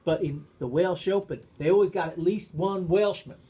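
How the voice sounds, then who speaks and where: A man co-hosting a casual stream, his pitch sitting a little high for a man. He keeps a deadpan tone and throws in dry quips as he tells his stories. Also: moderate pace, slightly rough. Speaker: co-host. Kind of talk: casual livestream chat.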